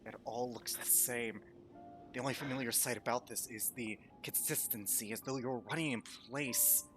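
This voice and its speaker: A man narrating a tabletop game as game master, low and hushed at times. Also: steady tone, moderate pace, over music.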